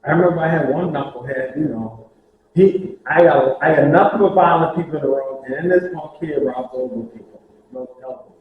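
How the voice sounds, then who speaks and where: A man telling lively stories about prison ministry to a group, acting out the voices of the people in them. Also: a little high, a little fast, phone-quality sound. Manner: animated, acts out dialogue, laughs at own stories. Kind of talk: storytelling talk to a group. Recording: very echoey room with faint hiss.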